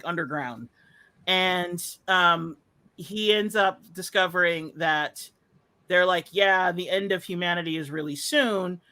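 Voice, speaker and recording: A podcast host in casual rant mode, swearing and sarcastic, rambling through fillers and half-finished thoughts. The voice sits mid-pitch but leaps and dips constantly with lively intonation. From United States. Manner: profane, sarcastic, exasperated. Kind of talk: casual ranting commentary.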